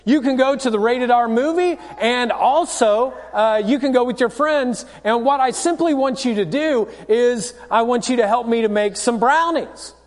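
A man voicing a mother who calmly sets a lesson for her teenage son. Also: very high voice, moderate pace, few pauses, long reverb tail. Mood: sly. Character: calm, sly mother of a teenager.

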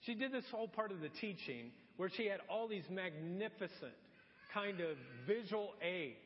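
A middle-aged pastor with a high-pitched voice preaches a sermon at a moderate pace, telling animated stories and acting out voices. The church recording sounds dull, with long reverb in the hall.

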